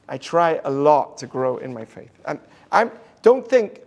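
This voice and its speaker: A man's voice: fairly high pitch, sing-song, measured pace, vocal fry. A man, a rabbi, giving an inspirational talk to an audience and telling stories in an earnest way. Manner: earnest storytelling, drops to a hush for quoted lines.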